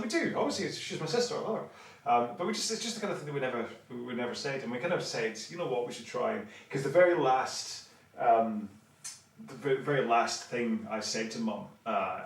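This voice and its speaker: Male host in his fifties, rambling livestream chat, echoey room, mic set back from him. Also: medium pitch. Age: 50s. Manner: rambling, chatty, many restarts. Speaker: online rowing class host. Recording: roomy, mic at a distance.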